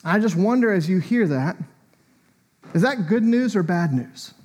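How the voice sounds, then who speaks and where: Higher-voiced man preaching a sermon. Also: expressive, unhurried, darkish tone. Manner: conversational, reflective, with asides and fillers. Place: church.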